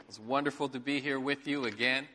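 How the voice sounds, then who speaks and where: A man preaching as a guest pastor, telling a story with animated delivery and calling to the congregation. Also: medium pitch, a little fast, long reverb tail, a little hiss or hum. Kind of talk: sermon. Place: church sanctuary.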